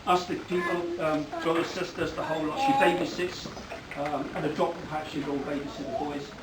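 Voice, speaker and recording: A middle-aged man giving a rambling, joke-filled father-of-the-bride speech at a wedding reception, breaking into loud bursts of praise. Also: fairly high pitch, flat delivery, a little fast. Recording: echoey hall, from far off, loud background noise.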